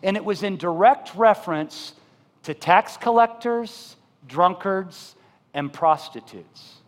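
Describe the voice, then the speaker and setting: A man preaching a sermon as pastor, moving between loud emphatic build-ups and soft, slow pleas, and asking his congregation direct questions. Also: high voice, animated, in a large hall. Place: church sanctuary.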